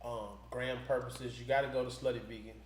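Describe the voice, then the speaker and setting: A man from Atlanta, a podcast guest, chatting casually in a relaxed, slangy, rambling way. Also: medium pitch, brisk. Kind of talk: casual chat. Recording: roomy studio sound with faint noise.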